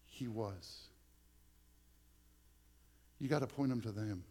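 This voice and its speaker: Gravelly man preaching a sermon. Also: on the low side, slow pace, dark tone. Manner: conversational, personal storytelling, drops to near-whispers for emphasis. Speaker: pastor.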